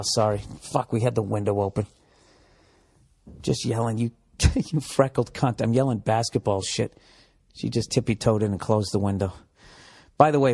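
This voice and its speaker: A man hosting a solo comedy podcast, riffing profanely on news stories and breaking into shouted bits. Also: medium pitch, gravelly, breathy edge. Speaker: podcast host.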